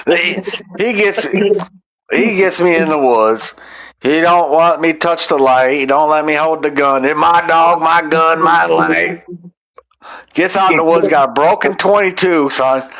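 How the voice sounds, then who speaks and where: A man's voice: on the high side, unhurried, fairly bright tone. A man as a podcast guest, telling a story with teasing complaints and laughter in a casual chat.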